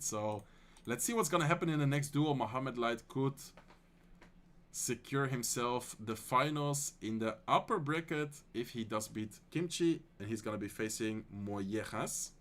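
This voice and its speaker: A man with a Dutch accent commentates a live esports tournament on his stream. His speaking voice sits in a middling register. He moves from quick, excited play-by-play to easygoing replies to his chat. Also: mid-range voice. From Netherlands. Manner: excited fast play-by-play calls that give way to relaxed, soft chat replies.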